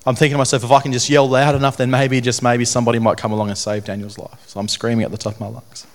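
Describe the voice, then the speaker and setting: Young man, earnest testimony speaker, halting and repetitive, mid-pitched voice. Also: flat delivery. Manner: earnest, halting, repeats phrases. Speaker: speaker telling his testimony. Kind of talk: personal testimony talk to an audience.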